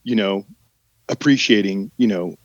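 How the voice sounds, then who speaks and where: A man's voice: lowish voice, a little slow, dry recording, lo-fi sound. A man with a Southern American drawl, an actor guest talking in a casual podcast interview, rambling with many restarts and trailing sentences.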